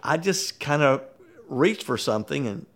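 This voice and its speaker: A man, a workplace consultant, telling a story in an animated, conversational way with frequent chuckles. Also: on the high side, normal speed. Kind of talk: storytelling talk.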